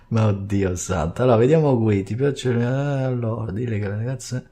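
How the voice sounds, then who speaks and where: An Italian man hosts a let's play, casually commenting as he plays a video game and musing aloud about which choice to make. His voice is medium-pitched and mellow, with a brisk pace.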